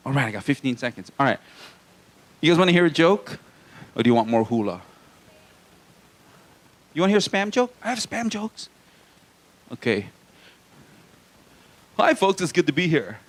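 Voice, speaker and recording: A man's voice: medium pitch, sing-song, moderate pace, pauses often. A man from Hawaii doing a live stand-up routine in a small comedy venue, with crude jokes and playful banter with the crowd.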